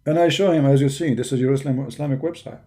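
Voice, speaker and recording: A man from the Arab world with an Arabic accent, speaking English as a second language with broken grammar, arguing forcefully in a preaching monologue. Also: medium pitch, fast talker. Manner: forceful, argumentative, with non-native grammar. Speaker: religious debater.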